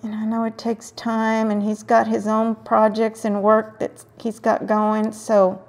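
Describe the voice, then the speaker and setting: Slow, gravelly-voiced woman crafting. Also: fairly high pitch, monotone. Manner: chatty, warm asides while working, drifts into murmurs. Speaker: craft video host. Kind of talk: casual crafting tutorial.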